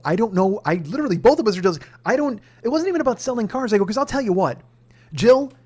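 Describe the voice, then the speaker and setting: A podcast host in his forties tells a story with plenty of swearing and mock outrage. His voice sits a little high for a man and keeps rising into shouted rants. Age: 40s. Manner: profane ranting that climbs into shouting. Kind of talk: casual comedic storytelling.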